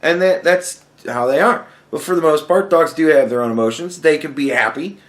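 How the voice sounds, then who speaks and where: Man, podcast host, casual monologue, swears a lot, rambling, fairly high voice. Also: normal speed. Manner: rambling, heavily profane, laughing asides.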